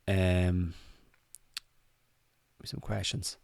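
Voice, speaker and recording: A man's voice: fairly low pitch, moderate pace, no echo. A man with a slight cold co-hosting a casual live chat, loose and sweary, laughing often. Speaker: podcast co-host.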